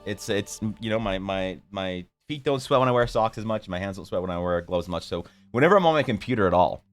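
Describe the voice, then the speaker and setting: A man's voice: low voice, lively intonation, fast. A young man on a live art stream, telling a rambling, self-mocking story with some casual swearing. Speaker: streamer and artist. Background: faint music.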